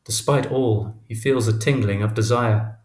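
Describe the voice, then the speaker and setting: A man narrating a literary audiobook in a measured, even reading. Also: medium pitch. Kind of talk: scripted narration. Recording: roomy echo.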